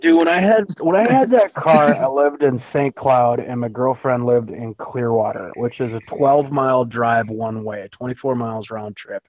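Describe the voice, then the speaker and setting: A man in casual chat, telling profane, animated stories to his build team. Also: mid-range voice, normal speed, hardly any pauses. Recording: tinny phone-like sound with faint noise.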